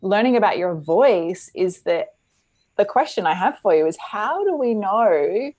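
A woman's voice: medium pitch, sing-song, a little slow, darkish tone. A woman hosting a podcast interview, asking long questions and rephrasing them eagerly. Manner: enthusiastic, rephrases her questions. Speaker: podcast host.

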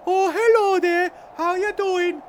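A man voicing a chirpy old male mountain keeper in a squeaky falsetto. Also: fairly even intonation, slow pace, a little hiss or hum.

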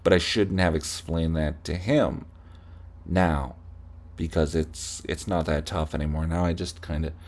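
A man's voice: rumbling low, fairly even intonation, a little slow, darkish tone. A young man hosting a comedy podcast, ranting profanely and acting out heated arguments with himself. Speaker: podcast host. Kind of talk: comedic rant.

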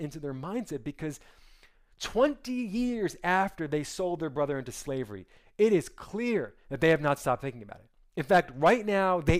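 Male pastor, animated storyteller, lively swinging pitch. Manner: acts out the characters' lines in quick voices; animated and conversational, with many asides.

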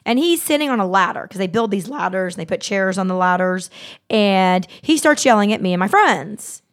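A middle-aged woman hosting a podcast, telling stories in a blunt, animated way, swearing freely and acting out the people she quotes. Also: mid-range voice, fairly quick. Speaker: podcast host. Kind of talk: casual storytelling chat.

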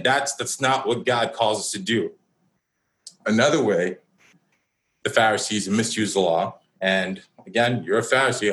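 A young man preaching a sermon in an animated, conversational, self-mocking way, full of asides to the congregation. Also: mid-range voice. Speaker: pastor. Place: church hall. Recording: echoey room.

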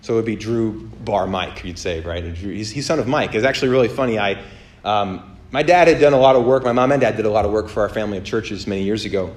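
Animated man preaching, roomy echo. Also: fast. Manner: animated storytelling, acts out voices with big pitch jumps. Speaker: pastor. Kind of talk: sermon on a podcast.

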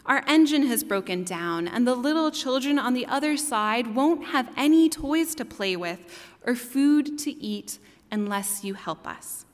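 A woman's voice: lively intonation, a little slow. A woman voicing a crowd of dolls and toys, pleading together for help. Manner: pleading, high. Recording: long hall reverb.

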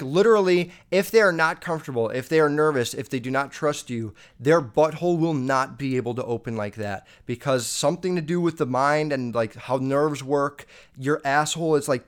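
A man's voice: fairly high pitch, clear, resonant tone. A young man hosting a podcast, answering listener questions in a crude, rambling way with lots of swearing. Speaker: podcast host.

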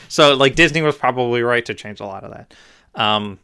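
A male podcast co-host in casual chat, animated and joking, leaning on filler words. His voice is bright and crisp. It is clear and smooth. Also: mid-range voice, a little fast. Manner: animated, jokey, filler-heavy.

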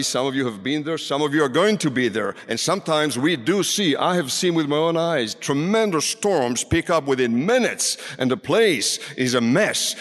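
A man preaching a sermon in a large hall, dramatic, swinging from loud calls down to near whispers. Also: medium pitch. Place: large hall with a seated audience. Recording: reverberant hall.

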